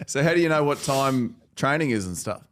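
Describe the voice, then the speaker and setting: A man's voice: medium pitch, lively intonation, a little fast, a bit bright, slight background noise. A man hosting a sports podcast, teasing his co-hosts in a dry way as he moves the show along. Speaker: podcast host. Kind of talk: casual podcast chat.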